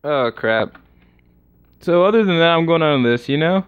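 Excitable young man streaming a game. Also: on the high side, moderate pace, clean tone. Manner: excitable, rambling, reacts aloud to the game. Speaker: livestreamer. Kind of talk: casual gaming livestream commentary. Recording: slightly dull lo-fi recording.

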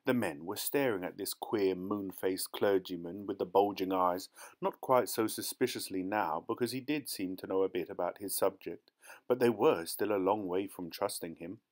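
A man narrating an audiobook in a measured, even storytelling manner. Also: sits low.

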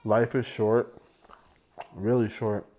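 A man's voice: on the low side, little pitch movement, slow, warm tone. A man in his thirties talking casually to camera as a food vlogger, rambling with repeated words and fillers. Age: 30s. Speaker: mukbang vlogger.

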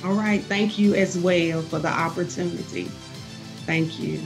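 A woman's voice: on the low side, fairly even intonation, a little slow, creaky, music in the background, poor audio. A woman minister speaking as a podcast guest, fervent and emphatic, with many fillers. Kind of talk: preaching-style interview talk.

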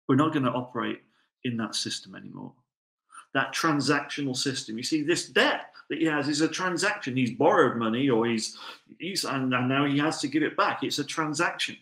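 A man's voice: medium pitch, very animated, fairly quick, fairly bright tone. A man preaching a sermon, telling a story with rhetorical questions. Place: church. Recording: echoey church hall.

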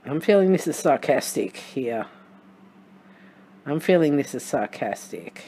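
Australian accent, tarot reader, chatty, musing, wry asides, mid pitch. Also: big pitch swings, unhurried, warm tone, slight background noise. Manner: thinks aloud with frequent restarts and fillers. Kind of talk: casual tarot reading to camera.

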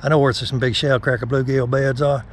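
A man hosting a fishing vlog outdoors by a lake, talking softly and folksy to his viewers. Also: mid-range voice, level tone, a little fast, slight background noise. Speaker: fishing channel host. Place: outdoors on the bank of a small neighborhood lake.

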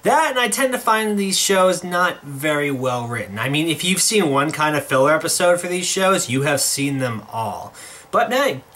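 A man's voice: on the high side, lively intonation, normal speed, pushed and bright. A young man narrating a scripted comedic video review, sarcastic, with exaggerated outbursts.

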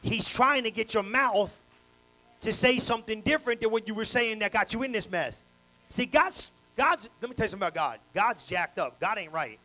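A male pastor preaching a live evening sermon in church on a handheld mic, animated and colloquial with call-and-response. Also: high voice, a little fast, poor audio. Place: church sanctuary, live service. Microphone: handheld microphone.

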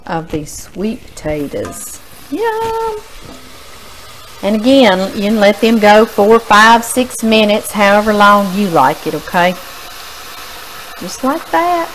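A woman's voice: mid-range voice, background noise. A woman hosting a home cooking demonstration, chatty and folksy, talking straight to her viewers. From Louisiana. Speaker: cooking show host. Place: home kitchen.

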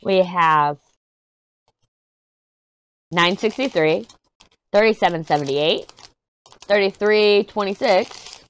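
A woman chatting casually and excitedly through a diamond painting unboxing. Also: medium pitch, slow, pauses often, clear, resonant tone. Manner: chatty, excited, hums while working. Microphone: desk mic.

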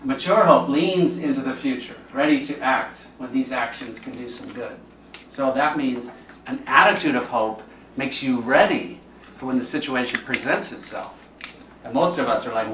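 A man's voice: medium pitch, normal speed, a bit bright. A man, a priest, giving an informal, conversational teaching talk and acting out the voices of people he quotes. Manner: conversational, acts out quoted speech. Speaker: priest leading a class. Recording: echoey room, distant mic, faint noise.

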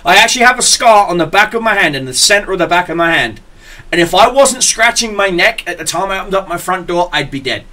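A young man, a podcast host telling stories in casual chat, profane and animated, acting out the people he quotes. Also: high voice, fast.

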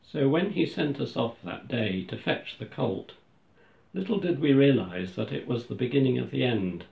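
A man reading a scripted first-person reflection at a church service, slow and solemn. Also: mid-range voice, lively intonation, vocal fry. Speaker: church reader. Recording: echoey, dull lo-fi room recording.

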